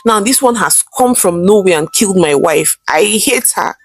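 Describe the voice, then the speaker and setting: A woman's voice: medium pitch, sing-song, measured pace, soft background music. A woman voicing a grief-stricken young husband who pleads and weeps. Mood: bitter. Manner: pleading, tearful.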